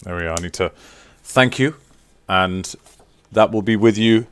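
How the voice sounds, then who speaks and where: A man's voice: on the low side, normal speed, few pauses, clear, resonant tone, dry recording. A man chatting casually with viewers on a live stream while signing autographs, teasing and reading out names.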